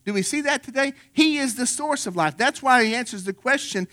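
A middle-aged man preaching a sermon in a conversational, storytelling way, dropping low and soft when he quotes others. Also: lively intonation, brisk. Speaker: pastor.

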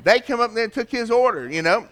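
A man's voice: very high voice, lively intonation, fast talker, fairly bright tone, a little hiss or hum. An older man, preaching a sermon in a folksy storytelling way with rhetorical questions. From American South. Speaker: pastor.

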